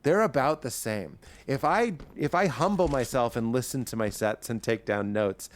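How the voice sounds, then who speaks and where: A man's voice: medium pitch, expressive, moderate pace. A man, a stand-up comedian, talking as a guest on a podcast, riffing animatedly and acting out his own bits in character voices. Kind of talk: podcast interview chat.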